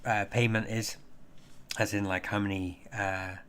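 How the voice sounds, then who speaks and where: A man hosting a casual livestream and chatting with viewers in a rambling, halting way, with many fillers and restarts. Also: on the low side, flat delivery, a bit bright, slight background noise. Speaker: livestream host.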